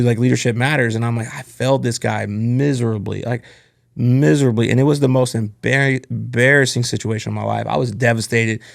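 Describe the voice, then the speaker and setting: Gravelly-voiced man telling candid stories. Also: medium pitch. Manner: candid, earnest storytelling about work. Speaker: podcast host. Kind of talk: casual podcast conversation.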